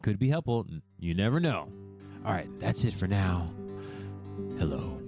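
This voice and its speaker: Over music, a deep-voiced American podcast host delivers reflective solo talk at a measured pace, sounding very animated. He is candid and thoughtful but frequently restarts what he's saying.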